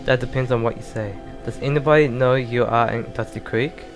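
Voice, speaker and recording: A man's voice: medium pitch, steady tone, brisk, soft background music, lightly acted. Man doing a threatening small-town cop for a game, stern interrogator. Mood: menacing. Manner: cold, interrogating.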